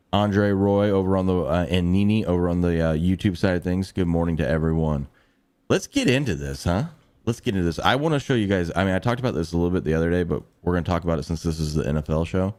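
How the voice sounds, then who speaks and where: A man with a low voice hosts a live sports talk show. He tells loose road-trip stories, laughing as he goes, and greets the chat. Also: darkish tone. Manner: laughing, storytelling, quick asides.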